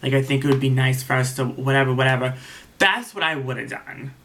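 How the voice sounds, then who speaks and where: A man's voice: mid-range voice, a little fast, a bit bright, slight background noise. A man recapping a reality show episode in a casual, rambling way, retelling what the cast said and openly taking sides, with many ums and restarts.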